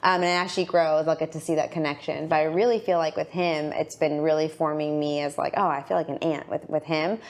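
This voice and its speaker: A woman talks as a podcast guest in a lively, rambling flow, stacking fillers and restarts as she tells her stories. Her voice sits a little low for a woman. She sounds bubbly and eager to share. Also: fairly quick, hardly any pauses. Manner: animated, rambling storyteller with many fillers and restarts. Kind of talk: casual interview chat.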